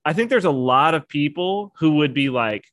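An earnest man co-hosting a podcast, stringing his thoughts into long winding sentences. His voice sits a little high. The sound is dry and close, with no room echo. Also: expressive, moderate pace, fairly bright tone. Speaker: podcast co-host. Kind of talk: conversational discussion.

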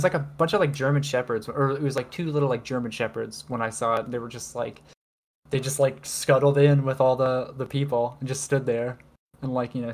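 A woman with a rumbling low, darkish voice co-hosts a podcast in casual conversation. She rambles, uses lots of filler words, and laughs often.

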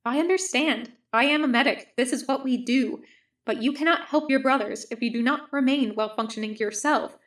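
A woman reading the lines of a calm, stern male army medic who speaks formally, without contractions. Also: high voice, moderate pace.

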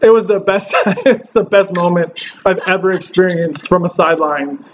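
A high-voiced man from Southern California hosts a relaxed podcast, spinning a story with lively acted-out quotes and frequent laughs. The recording sounds a little dull, with a faint hiss underneath. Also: normal speed. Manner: animated storyteller who acts out quotes and laughs often. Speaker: podcast host. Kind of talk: casual chat, storytelling.

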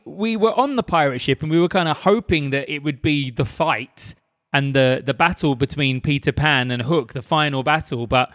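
A man's voice: a little high, fairly bright tone, dry recording. Chatty podcast host man, dry close sound. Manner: chatty, upbeat, laughs often. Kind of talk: casual book club chat.

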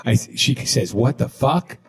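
A man hosting a podcast, telling a story in a casual, deadpan way. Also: mid-range voice, a little slow, gravelly, husky. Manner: deadpan, recounting jokes he told. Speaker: podcast host.

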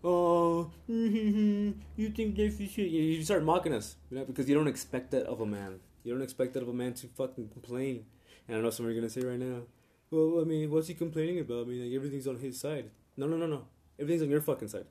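A man's voice: mid-range voice, mellow. A man delivering a combative, profane, rambling rant to his audience. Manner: rambling with many restarts and fillers. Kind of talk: ranting monologue to camera.

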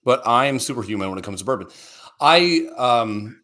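A man's voice: medium pitch, expressive, moderate pace, bright, forceful tone. Rambling, crude-talking man. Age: middle-aged. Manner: rambling, laughs often, swears freely. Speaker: podcast co-host. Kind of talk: crude casual chat.

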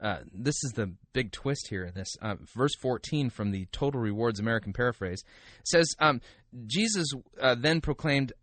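A man's voice: mid-range voice, expressive, normal speed, fairly bright tone, dry recording. A man hosting a podcast, talking casually with wry, sarcastic asides and frequent restarts. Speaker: podcast host. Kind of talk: casual commentary and reading aloud.

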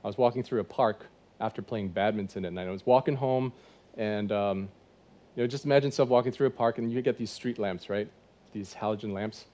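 Guy in his 40s preaching in church, warm mellow voice, talks to the crowd like a chat, lots of questions. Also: on the low side, a little fast. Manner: conversational preaching with rhetorical questions. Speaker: pastor. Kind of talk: sermon.

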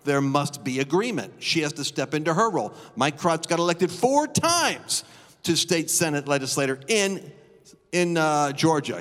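A man's voice: a little high, a little slow. Dramatic male preacher in a reverberant hall. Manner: animated, dramatic storyteller. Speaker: guest preacher. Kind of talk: live sermon storytelling. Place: church auditorium. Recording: long reverb of a church hall.

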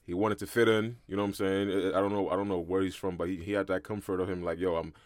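A man's voice: low-pitched, little pitch movement, fast, no room sound, studio quality. A young man with a Brooklyn accent, chatting on a podcast and telling street stories with plenty of "feel me.". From Brooklyn, New York. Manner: streetwise storytelling, says "feel me" often. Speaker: podcast co-host. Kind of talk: casual podcast chat.

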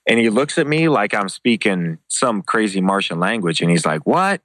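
A man's voice: moderate pace, no room sound. A man telling casual anecdotes as an interview guest, swearing freely and acting out other people's lines. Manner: animated, acts out quoted dialogue with pitch jumps. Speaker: interview guest, former MMA show host.

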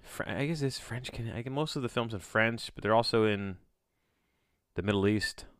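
A fairly low, smooth male voice at normal speed hosts a casual solo podcast from a home mic, captured at studio quality without room sound. His talk wanders offhandedly, and he tends to break off before finishing sentences.

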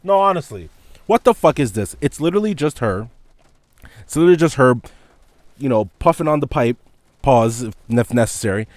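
A man's voice: medium pitch, dry recording. A young man hosting a casual solo podcast, ranting in an exasperated, profane way and laughing between points. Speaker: podcast host. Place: indoors with heavy rain outside.

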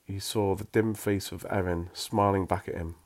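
A man's voice: sits low, fairly even intonation, moderate pace, darkish tone. A man reading a story aloud, breaking off for wry, self-mocking asides.

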